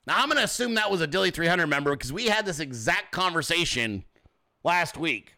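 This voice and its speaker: A man's voice: a little high, expressive, fairly quick, bright, forceful tone. A man hosting a ranting commentary show, profane and mocking, with a sarcastic edge. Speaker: host.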